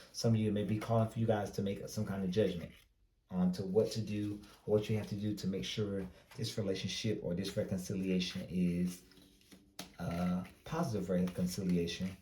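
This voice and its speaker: A man's voice: fairly low pitch, roomy sound. A man from North Carolina with a Southern accent, giving a casual, rambling tarot reading with plenty of advice. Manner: relaxed, rambling, advice-giving with self-corrections. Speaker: tarot reader.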